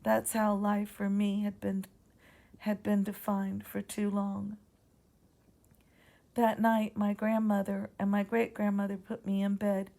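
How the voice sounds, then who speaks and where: A woman with a Southern accent reading her own ghost story aloud in a quiet, measured way. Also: mid-range voice, creaky.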